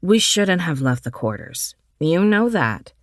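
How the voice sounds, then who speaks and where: A woman's voice: on the low side, very animated, a little slow, no echo, clean studio sound. A woman voicing a tough, protective young woman who talks bluntly and swears. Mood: stern.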